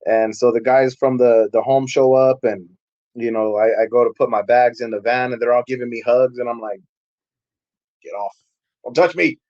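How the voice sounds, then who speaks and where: A man's voice: medium pitch, little pitch movement, fairly quick, dark tone, no echo. A young man recounts his past in casual, streetwise talk, slipping into the voices of the people he met. His voice sits in a middle register. The recording is dry and close, with a slightly dull, muffled tone. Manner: candid, streetwise, acts out quotes. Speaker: pastor, podcast guest. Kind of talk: casual storytelling.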